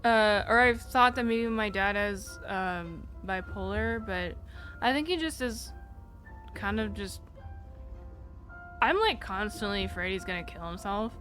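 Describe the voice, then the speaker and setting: A woman's voice: medium pitch, animated, a little slow, a bit bright, soft background music. A young woman live streamer telling a personal story in a casual, rambling way, full of "like" and casual swearing, between reading chat. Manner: rambling, candid, fillers like "like" throughout.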